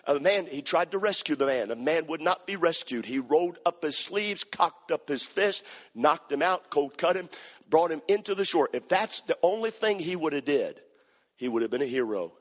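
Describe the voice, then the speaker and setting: A man preaching a sermon, telling a story with impassioned, repetitive phrasing that builds to near-shouted climaxes. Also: fairly high pitch, expressive, moderate pace. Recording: long hall reverb.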